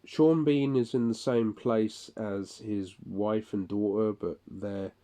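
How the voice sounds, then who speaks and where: A man's voice: fairly low pitch, steady tone, slow pace, mellow. A man speaking a casual monologue for his audio log, rambling, profane and weary.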